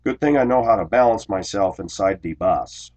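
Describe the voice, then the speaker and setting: A man who drives a school bus, telling a workplace grievance story in an indignant, complaining way, clearing his throat often. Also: on the low side, normal speed, darkish tone. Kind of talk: ranting personal storytelling vlog.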